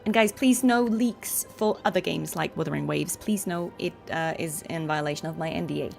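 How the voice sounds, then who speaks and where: A woman's voice: low-pitched, moderate pace, vocal fry, darkish tone, soft background music. A young adult woman voice actor chatting casually while playing a game, explaining and demonstrating voices. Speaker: voice actor and gaming streamer. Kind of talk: casual gameplay commentary.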